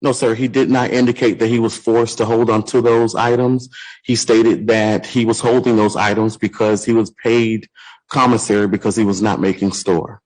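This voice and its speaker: A man's voice: on the low side, flat delivery, normal speed, darkish tone, low-quality recording. A man testifying as a sheriff's deputy at a court hearing, formal and hesitant, answering with "yes, sir".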